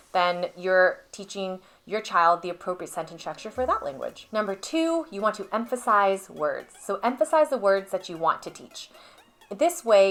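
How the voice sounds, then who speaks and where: A woman speech therapist patiently explaining to parents how to build a child's language at home, stepping through clear examples. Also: mid-range voice, fairly bright tone. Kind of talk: instructional video talk to parents.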